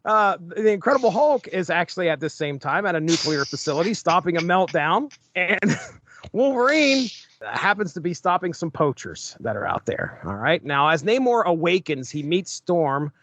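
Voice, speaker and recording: A man's voice: high-pitched, sing-song, moderate pace, a bit bright, a little hiss or hum. A man co-hosting a comics podcast, summarizing plots and laughing often in casual chat. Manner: laughs often, reads credits and plot summaries. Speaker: podcast co-host.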